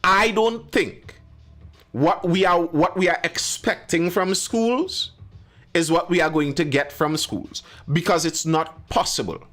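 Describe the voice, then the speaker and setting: A man's voice: sits high, unhurried, fairly bright tone. A man hosting a live stream, giving emphatic commentary and answering viewers in the chat by name. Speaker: live show host.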